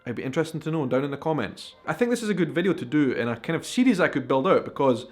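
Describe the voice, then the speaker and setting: A man's voice: a little high, expressive, racing, soft background music. A young Scottish man talking chattily and directly to his viewers in a casual vlog. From Scotland. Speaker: vlogger.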